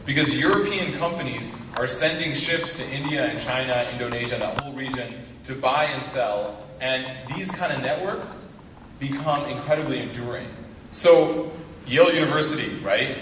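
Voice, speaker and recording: A man's voice: medium pitch, normal speed. A young man giving a guest lecture to students, full of teasing asides and jokes. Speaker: guest speaker. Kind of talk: joking lecture to a student audience. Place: lecture hall. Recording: echoey hall from far off, faint noise.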